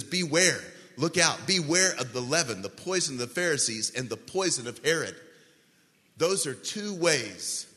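A man preaching a sermon as pastor, telling the story with animated voices for panicked disciples. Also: fairly high pitch. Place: church sanctuary. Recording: long reverb of a large hall.

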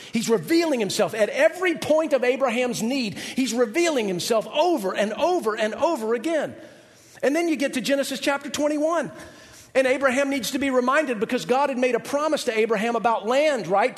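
A man preaching a sermon as pastor, animated and shifting his voice to act out biblical figures. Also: extremely high pitch, brisk, in a large hall.

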